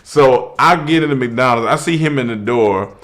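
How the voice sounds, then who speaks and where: A young man telling a funny personal story, animated, laughing through it and rising to high-pitched shouts at the peaks. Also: moderate pace. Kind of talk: comedic story.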